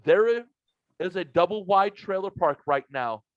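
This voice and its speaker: A man hosting a podcast and telling a story in casual chat, profane and animated. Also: high voice, unhurried, no room sound, phone-quality sound. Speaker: podcast host.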